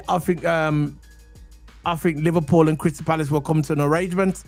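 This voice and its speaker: A man co-hosting a casual football podcast, excitable and chatty, full of slang. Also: on the high side. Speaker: podcast co-host.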